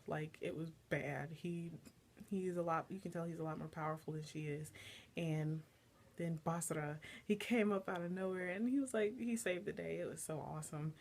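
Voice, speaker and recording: Woman, anime reviewer, fairly low voice, eager and chatty, casual recap delivery. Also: darkish tone, slight background noise. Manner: enthusiastic, chatty, filler-heavy.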